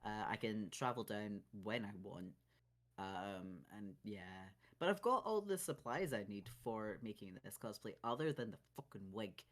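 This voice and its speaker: Sleepy British man, relaxed chat. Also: fairly low pitch, moderate pace. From United Kingdom. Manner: relaxed, sleepy, laughs, swears. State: tired, yawning. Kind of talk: casual chat.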